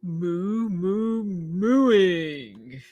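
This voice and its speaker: A woman voicing an earnest, strict male farmer who lectures in a firm, hushed way. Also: lowish voice, expressive, extremely slow. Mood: stern.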